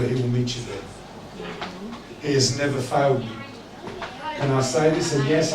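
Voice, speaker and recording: A man preaching a sermon as pastor, conversational and joking, swinging between loud preaching and low asides. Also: background noise. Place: church hall. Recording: echoey church hall, distant mic, congregation audible. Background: congregation.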